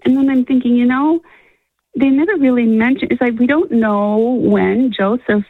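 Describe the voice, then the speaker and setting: A woman calls in to a radio talk show, stopping and restarting as she finds her words. Her voice has a gravelly edge, and it comes through a tinny, dry phone line. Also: fairly high pitch, no echo. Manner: halting, restarts often, talks with a chuckle. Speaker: caller. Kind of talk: phone-in conversation.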